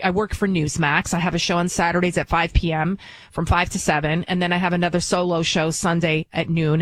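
A woman's voice: on the low side, dry recording. A woman who hosts a news show talks in a blunt, outspoken and opinionated casual monologue. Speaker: news TV host.

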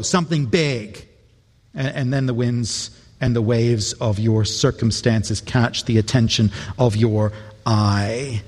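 A man preaching a sermon in an earnest way, often repeating a word as he restarts. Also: mid-range voice. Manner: earnest, with stumbling repeated words. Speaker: pastor. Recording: long reverb of a large hall.

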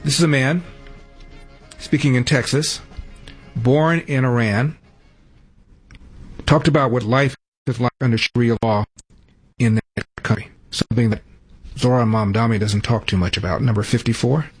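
A man hosting a news show, introducing clips briskly and pointedly. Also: medium pitch, breathy edge, soft background music. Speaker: show host.

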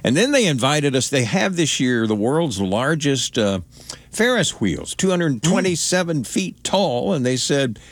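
A man reporting on fair food in a casual, lively on-air chat, telling stories with laughs. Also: a little high, a little slow. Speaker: news reporter.

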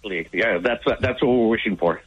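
A man's voice: lowish voice, moderate pace, husky. A man calling a sports radio show, explaining a point in a rambling, hesitant way. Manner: rambling, hesitant, restarts often. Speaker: caller. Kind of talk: casual phone call to radio show. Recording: dull lo-fi phone line.

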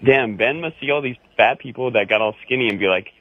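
A man's voice: mid-range voice, fast, no room sound. A man from Orange County calling a radio show, ribbing the host in a chatty way with lots of "you know". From Orange County, California. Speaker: caller. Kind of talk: needling call-in banter. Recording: phone line, dry.

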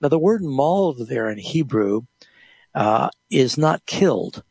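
A gravelly, slightly husky man answers listeners' Bible questions on a call-in radio program. He explains plainly and reads passages aloud, recorded close and dry in a studio. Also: medium pitch, lively intonation, measured pace, a little mellow, dry recording.

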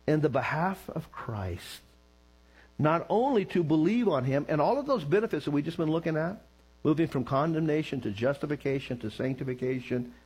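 A man preaching a sermon, swinging between hushed prayerful passages and excited, high-pitched bursts. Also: breathy edge. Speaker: pastor.

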